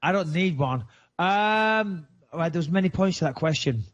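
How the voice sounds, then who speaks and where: A man's voice: high-pitched, lively intonation, normal speed. A man from England, hosting a podcast in brash, boastful, swearing banter. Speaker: podcast host. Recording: dull lo-fi sound.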